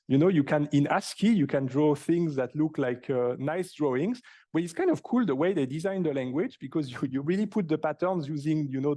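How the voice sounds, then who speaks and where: A man's voice: fairly high pitch, darkish tone. A man giving a university lecture in a hall, explaining step by step with enthusiasm and rhetorical questions.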